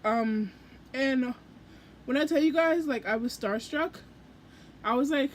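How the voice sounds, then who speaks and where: A young woman with a slightly high voice tells a story in a casual book vlog. She gushes and gets excited, often acting out her own reactions. A faint hiss sits under her voice. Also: unhurried. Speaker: book vlogger.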